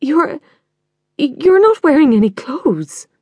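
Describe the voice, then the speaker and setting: A woman's voice: big pitch swings, slow pace, warm tone, no room sound, full character voice. A woman voicing an upset teenage girl who speaks shrilly. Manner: shrill and distressed.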